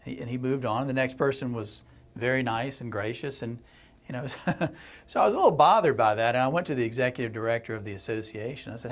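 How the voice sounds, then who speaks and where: A man's voice: medium pitch, brisk. A middle-aged man speaking to camera in a casual blog video, telling a story as a consultant and speaker, laughing and restarting often.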